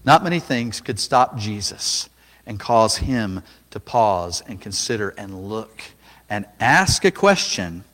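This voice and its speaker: Man preaching in a reverberant hall. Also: medium pitch. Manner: dramatic, rises to loud cries when quoting. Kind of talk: sermon.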